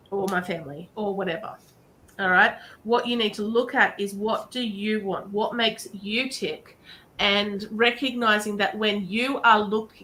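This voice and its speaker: A woman's voice: medium pitch, pushed and bright, slight background noise, rough recording. A woman hosting a live-stream card reading, talking directly and encouragingly in a chatty way. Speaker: psychic reader and show host.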